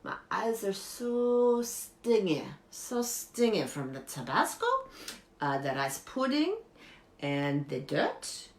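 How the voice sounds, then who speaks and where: A woman playing an eccentric woman who gives absurd beauty tips, talking earnestly and deadpan in broken English. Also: mid-range voice, slow pace. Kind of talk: improvised comedy character monologue. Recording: echoey room.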